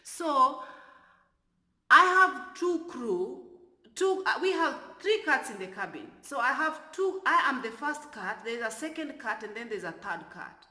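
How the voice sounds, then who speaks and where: A woman, a flight attendant, telling a story from work in an animated way that turns loud when she is exasperated. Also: sits high, a little slow, reverberant. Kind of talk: storytelling vlog.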